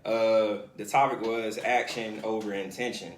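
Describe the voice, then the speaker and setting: Guy guesting on a chat show, talks animated w/ lots of you know, roomy echo. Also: on the low side, measured pace. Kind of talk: casual chat. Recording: echoey room, faint noise.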